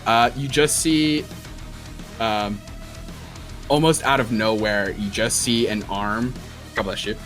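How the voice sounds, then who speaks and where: A man's voice: on the low side, steady tone, slow pace, long pauses, fairly bright tone, soft background music. Casual young male dungeon master. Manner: loose, casual, many fillers. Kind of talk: narrating a tabletop game.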